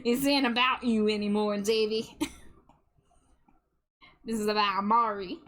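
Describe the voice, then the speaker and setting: A woman's voice: medium pitch, steady tone, a little slow, a bit bright, lightly acted. A woman putting on a folksy Southern cowboy voice with a drawling twang, whooping during a playful livestream. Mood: rowdy.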